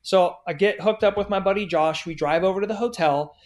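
Male podcast guest, 30s, high-pitched storyteller who curses and acts out his characters. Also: fairly quick. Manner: profane, animated, acts out quoted people. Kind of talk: casual anecdote storytelling.

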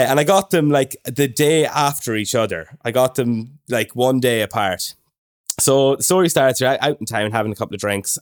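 A young man with an Irish accent, chatting casually on a podcast and spinning a story with plenty of asides. His pitch sits in the ordinary middle range for a man. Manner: chatty anecdotal storyteller, animated impressions of others. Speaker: podcast co-host.

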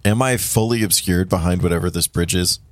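A man's voice: sits low, fairly quick. A hungover man playing a tabletop game, talking in a laid-back way. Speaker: player. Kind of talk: casual tabletop game chat.

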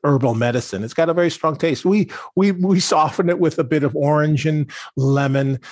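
A man's voice: fairly high pitch, a little fast, darkish tone, dry recording. A man talking as a podcast guest in a casual, rambling way, with lots of restarts and fillers. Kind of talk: casual conversational interview.

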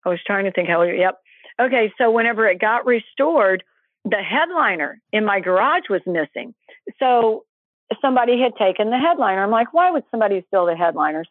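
A woman's voice: mid-range voice, no room sound. A middle-aged woman tells a heartfelt personal story as an interview guest. She talks in an earnest, breathless way and acts out what people said. Her voice comes through a thin, phone-like line with no room sound.

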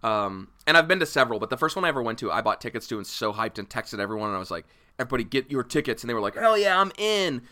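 A man's voice: lowish voice, very fast, few pauses, sharp tone. A man co-hosting a podcast in casual chat, rambling, laughing and swearing freely. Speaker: podcast co-host.

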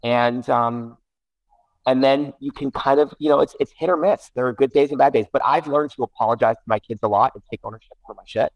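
A man's voice: medium pitch, fairly quick, no room sound, poor audio. A middle-aged man, a guest parent, telling a casual story with many restarts and self-corrections. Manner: rambling, self-correcting, animated.

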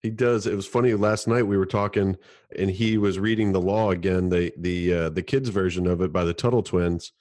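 A man with a low voice explains ideas in casual podcast chat. He often repeats a word while he finds his next thought. The recording is dry and close-miked. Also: fairly even intonation, fairly quick, a little mellow, dry recording. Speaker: podcast co-host.

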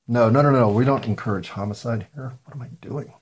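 A man hosting a solo talk show, rambling through jokes and musings with many ums and pauses while high. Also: slight background noise. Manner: meandering, joking asides, frequent ums and pauses. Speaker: podcast host.

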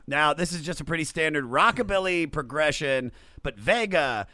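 Bright-voiced enthusiastic host. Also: male voice, on the high side, lively intonation, moderate pace, no room sound, studio quality. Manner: enthusiastic, rambling interjections. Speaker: podcast host. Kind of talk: casual podcast conversation.

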